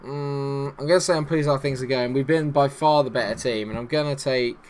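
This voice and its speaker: Man, mid-pitched voice, casual gameplay commentary, self-mocking, muttering then loudly exasperated. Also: fairly even intonation, brisk, a little hiss or hum. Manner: chatty and self-mocking, swinging between low mutters and loud exasperated outbursts. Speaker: gaming YouTuber.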